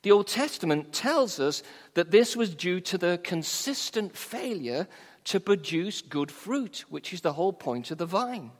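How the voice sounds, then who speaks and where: A man preaching a sermon, teaching from the Bible in a measured, emphatic way. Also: sits high, very animated, big-room sound.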